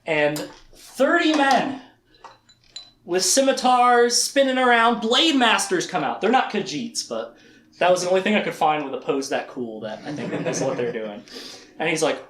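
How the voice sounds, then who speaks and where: A man's voice: a little high, lively intonation, moderate pace, fairly bright tone, a little hiss or hum. A man giving a casual lecture that recaps a book series, chatty and joking, laughing often and leaning on "like.". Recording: echoey room.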